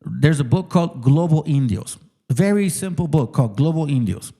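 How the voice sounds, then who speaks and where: Man, channel host, heated rant, profane and mocking, mellow dark tone. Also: fairly high pitch, lively intonation, a little fast. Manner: repeats words for emphasis. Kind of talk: heated casual rant to viewers.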